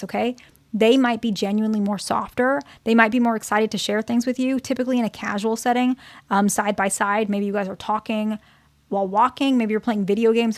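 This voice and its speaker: A woman's voice: a little high, no echo. A woman therapist giving relationship advice in a casual, conversational monologue, often checking in with "okay?" and "right?".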